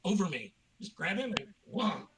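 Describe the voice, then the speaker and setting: A man's voice: sits high, big pitch swings, moderate pace, a bit bright, a little hiss or hum, low-quality recording. A man playing a tabletop game, talking in a laid-back, hesitant way. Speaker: player. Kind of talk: casual tabletop game chat.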